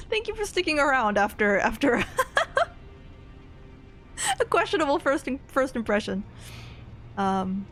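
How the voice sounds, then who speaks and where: Giggly high-voiced woman streamer. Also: a bit bright. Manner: chatty, giggly, rambling with restarts. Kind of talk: casual chat with stream chat.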